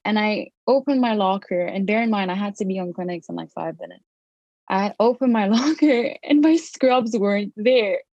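A woman's voice: medium pitch, moderate pace, a little mellow, no echo, highs cut off. Chatty young woman telling a story. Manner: chatty, lots of fillers and quoted thoughts. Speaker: dental student. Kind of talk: casual storytelling chat.

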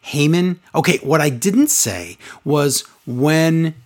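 A man in casual chat, retelling events with lively, acted-out quotes. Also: on the high side. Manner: animated storytelling, quick acted-out quotes. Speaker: podcast co-host recapping wrestling.

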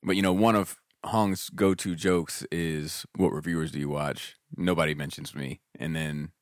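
A man telling stories in casual chat, animated and profane, acting out what others said. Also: very deep voice, normal speed, dry recording, studio quality. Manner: animated, profane, acts out quotes in raised voices.

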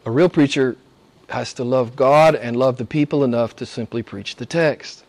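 A man's voice: medium pitch, moderate pace. A man preaching a sermon to his church, emphatic, often repeating phrases and asking his listeners to agree. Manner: emphatic, repeats phrases, asks "right?" of the congregation. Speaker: pastor. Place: church service.

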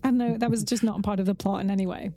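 A woman's voice: medium pitch, fairly even intonation, very fast, warm tone. A woman co-hosting a podcast in casual chat, giving informative recaps with brief fillers. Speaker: podcast co-host.

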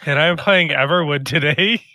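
A man playing in a tabletop game podcast, joking in quick banter. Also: a little high, bright, forceful tone, no room sound. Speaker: player. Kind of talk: casual podcast chat.

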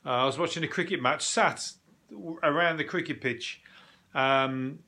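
A man's voice: on the high side, normal speed, sharp tone. A man hosting a podcast, telling rambling, sweary stories in a casual chat with frequent chuckles. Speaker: podcast host.

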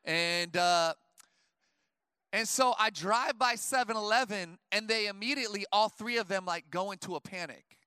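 A pastor in his thirties preaches to his congregation during a church service, building fervent calls to rising intensity and then easing into relaxed, chatty stories. His stories are conversational and full of fillers like "like" and "you know." His high voice is clear and resonant, at a normal speed, with no room sound.

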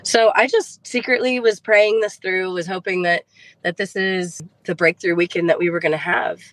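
A woman's voice: on the low side, steady tone, normal speed, fairly bright tone, no echo, low-quality recording. A middle-aged woman, a podcast guest, telling a heartfelt personal faith story and retelling conversations along the way.

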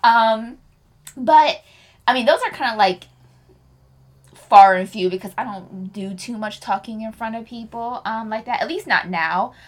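A woman's voice: a little high, measured pace. A woman co-hosting a podcast in casual chat, telling stories animatedly, acting out quotes and laughing often. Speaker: podcast co-host.

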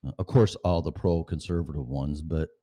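Recording his podcast from his apartment with a studio mic and headphones, a middle-aged man speaks in a rumbling low, dark-toned voice at a brisk clip. His casual monologue is a rambling, profanity-laced rant.

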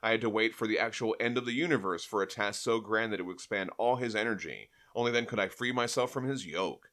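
A man's voice: on the low side, fast talker, a bit bright, lightly acted. A man voicing a scheming male cosmic servant who turns on his master, in a cold, scornful manner, while recapping a comic.

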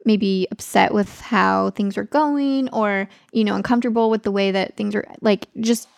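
A woman's voice: medium pitch, fairly even intonation, normal speed, gravelly, no room sound, studio quality. A woman speech therapist co-hosting a podcast, talking in a casual, thoughtful and supportive way. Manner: supportive, thoughtful, offers advice. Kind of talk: casual chat.

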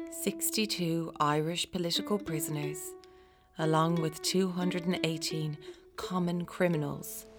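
A woman narrating a historical story in a measured, dramatic way. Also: low-pitched.

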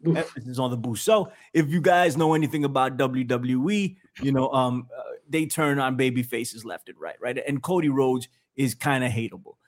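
A man hosting a podcast in casual chat, animated and jokey, laughing often as he riffs. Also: medium pitch, moderate pace, few pauses. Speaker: podcast host.

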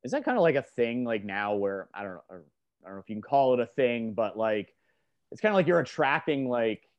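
A man's voice: medium pitch, big pitch swings, fairly quick, no room sound, lo-fi sound. A man co-hosting a podcast, asking a question hesitantly while searching for words. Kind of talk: casual podcast interview.

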